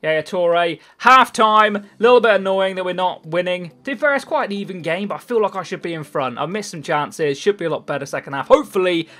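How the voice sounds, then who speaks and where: Excitable gamer man, sweary commentary. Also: sits high, a little fast, few pauses. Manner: excitable, swears freely, swings between mumbling and shouting. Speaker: gaming YouTuber. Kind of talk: live gameplay commentary.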